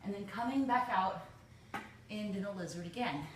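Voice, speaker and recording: A woman's voice: mid-range voice, animated, normal speed, slight background noise. A woman teaching a yoga pose, encouraging and talking the viewer through it step by step. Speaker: yoga instructor. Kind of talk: spoken yoga tutorial. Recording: roomy echo, voice from a distance from the mic.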